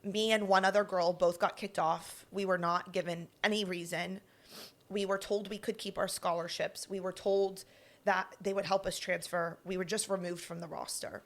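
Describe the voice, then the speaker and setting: A young woman with a lowish voice co-hosts a podcast at a moderate pace. She tells a personal story casually and with animation, acting out the voices of the people she quotes.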